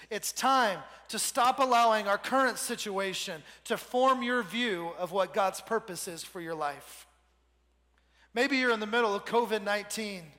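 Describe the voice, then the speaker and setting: A man's voice: high-pitched, sharp tone, big-room sound. A man preaching a sermon to a congregation with energy, leading them in call-and-response. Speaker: pastor.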